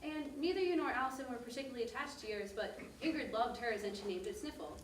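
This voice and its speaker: A woman's voice: a little high, fast, slight background noise, close to an everyday voice. An actor on stage playing a mother who tells her daughter a detailed family story. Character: mother recalling a family trip, warm and detailed. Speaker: narrator. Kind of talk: stage monologue. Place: theater stage. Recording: echoey stage heard from a distance.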